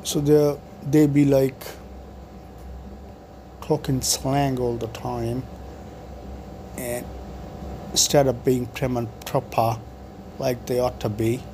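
A man's voice: mid-range voice, level tone, slow pace, pauses often, dark tone, slight background noise. A man in his forties, talking to camera in a meandering monologue full of fillers and restarts. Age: 40s. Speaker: video blogger.

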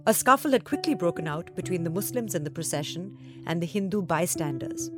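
Woman storyteller, animated and expressive, soft music behind. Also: fairly low pitch, fairly quick. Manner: expressive, varied delivery. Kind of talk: storybook reading.

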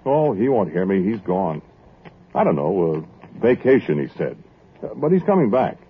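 A man's voice: deep voice, big pitch swings, normal speed, husky. A man narrating and acting the lead in a 1940s radio drama, talking in a hesitant, rambling, pleading way. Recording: tinny old radio broadcast with music.

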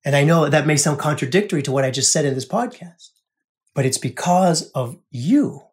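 A man hosting a spiritual podcast, talking earnestly in a monologue, repeating phrases and often dropping to a soft hush. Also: fairly high pitch, lively intonation, normal speed. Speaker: podcast host.

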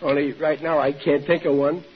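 An actor playing a blundering, good-hearted working-class husband with a Brooklyn accent, stammering and flustered in 1940s radio acting. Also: male voice, fairly high pitch, flat delivery, moderate pace, husky. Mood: blustering. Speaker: sitcom lead. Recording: muffled old radio broadcast with faint hiss.

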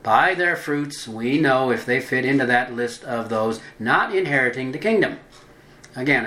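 A man giving scripted religious narration, deliberate, drawing out the words he stresses. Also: mid-range voice, pushed and bright. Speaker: religious teacher. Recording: roomy echo.

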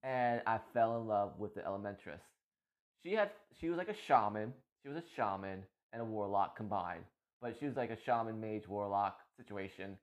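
A man's voice: fairly low pitch, expressive, normal speed. A man who makes gaming videos, chatting casually and rambling, often repeating himself and laughing easily. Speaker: gaming content creator. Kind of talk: casual chat about a game.

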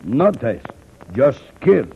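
A man's voice: medium pitch, sing-song, takes it slowly, creaky, a little hiss or hum, full character voice. A man playing a loyal jungle companion who speaks in clipped broken English, 1940s radio acting on a muffled old recording. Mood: grave.

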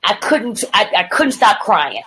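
Woman evangelist, podcast guest, husky tone, mid pitch, animated testimony with acted-out dialogue. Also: measured pace, low-quality recording. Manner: vivid storytelling, acting out quoted dialogue; addresses the host as "woman of God".

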